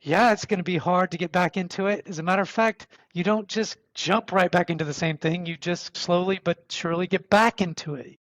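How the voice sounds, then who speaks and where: A man's voice: sits high, brisk, hardly any pauses, fairly bright tone, dry recording. A man hosting a podcast, chatty and telling anecdotes. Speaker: podcast host. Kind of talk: conversational interview. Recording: dull lo-fi sound.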